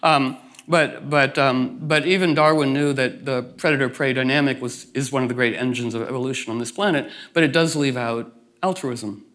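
A man's voice: mid-range voice, moderate pace, fairly bright tone. A man talking as a guest in a reflective conversation, meandering and playful, with many restarts and acted-out asides.

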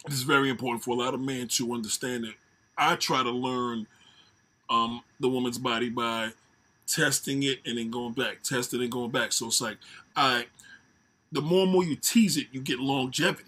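Male co-host, husky and bright, animated storyteller with frequent laughs. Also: medium pitch, normal speed. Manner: animated, laughing often, acts out quotes. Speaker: podcast co-host. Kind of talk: casual chat.

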